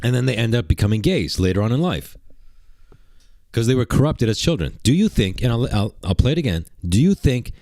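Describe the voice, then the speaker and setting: A man's voice: mid-range voice, very animated, a little fast, mellow, no room sound. A man doing mocking livestream reaction commentary, rambling and sarcastic, repeating rhetorical questions.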